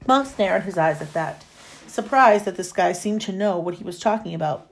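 A woman reading a novel chapter aloud in a steady storytelling manner. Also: mid-range voice, moderate pace. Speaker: reader.

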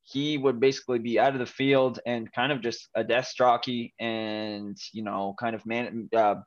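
In a relaxed podcast chat, a man walks through what happened in a TV episode, stumbling over fillers and restarting often. He talks at a normal speed with a medium pitch that barely moves, on lo-fi sound.

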